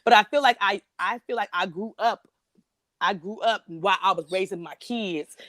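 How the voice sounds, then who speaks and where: A woman in her forties talking over her life in a casual chat, reflective and halting, often restarting her sentences. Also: mid-range voice, fairly bright tone, no room sound, studio quality. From North Carolina. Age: 40s. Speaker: guest on a live chat.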